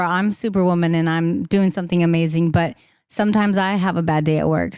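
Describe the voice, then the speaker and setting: Chatty woman, low and smooth. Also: no room sound, clean studio sound. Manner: chatty, laughing, acts out quoted voices. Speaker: singer-songwriter guest. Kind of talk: casual podcast chat.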